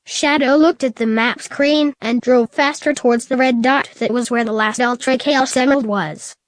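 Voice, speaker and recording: A woman reading a fan story aloud in a flat, matter-of-fact way. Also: fairly high pitch, moderate pace, no room sound. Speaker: narrator.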